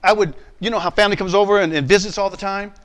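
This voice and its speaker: A man's voice: high-pitched, fairly even intonation, rapid-fire, fairly bright tone. A man preaching a sermon, telling a personal story in a candid, conversational way. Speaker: pastor.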